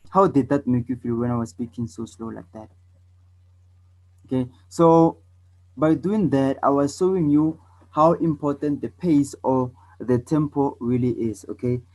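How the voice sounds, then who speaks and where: A medium-pitched voice comes through a rough recording as a South African man teaches debate. He illustrates the difference between loud and soft and between fast and slow speaking. Points get repeated, and "okay?" and "all right" come up often.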